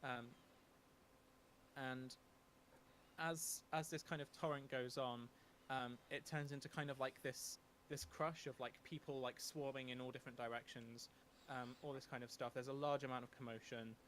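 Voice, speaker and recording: A man runs a tabletop role-playing session, pausing often with ums and restarting his sentences. His pitch sits in a middle range, and a faint hum sits under the recording. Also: fairly even intonation, fairly bright tone. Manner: hesitant, many ums and restarts. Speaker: game master. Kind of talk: narrating a tabletop game.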